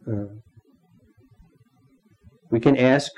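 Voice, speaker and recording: A man gives a devotional class in an unhurried, halting way, with pauses and frequent throat-clearing. His voice sits at a middle pitch and sounds mellow and soft. Faint ambient room noise hums in the background. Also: highs cut off. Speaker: spiritual teacher.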